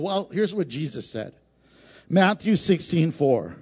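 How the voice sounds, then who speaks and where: Pastor guy preaching, high voice, punchy and repetitive, asks the crowd stuff, muffled sound. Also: sing-song, takes it slowly, husky. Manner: emphatic and repetitive, asks the congregation questions, laughs at his own jokes. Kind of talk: animated sermon with acted-out scenes. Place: church.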